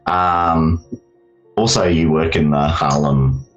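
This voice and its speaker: A man narrating as game master in a tabletop game, relaxed and full of fillers. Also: very deep voice, slow, lo-fi sound, faint music behind.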